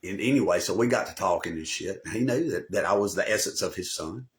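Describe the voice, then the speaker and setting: A man's voice: sits low, fast talker. A man, telling a rambling, profane personal story as a channel host, boasting and swearing constantly and often losing his thread. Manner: swaggering, boastful, swears constantly, loses the thread and repeats himself.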